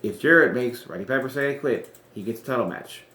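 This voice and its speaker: A man's voice: mid-range voice, expressive, quick pace, sharp tone. Rambling man in a roomy echo. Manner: rambling, self-correcting, chuckling asides. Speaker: wrestling podcaster. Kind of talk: casual fantasy-booking chat.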